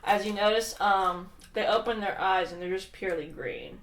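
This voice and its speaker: A woman's voice: mid-range voice, very animated, normal speed, a bit bright. A woman narrating as game master, laughing often and putting on voices for the characters. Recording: echoey room, mic from far off.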